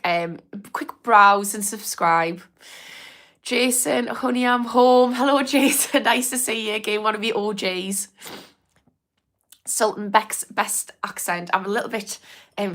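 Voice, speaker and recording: A woman's voice: medium pitch, fairly bright tone. Geordie lady therapist doing a livestream, chatty and frank, swears a bit, laughs a lot. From England. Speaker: addiction therapist hosting a livestream. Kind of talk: casual livestream talk reading chat comments.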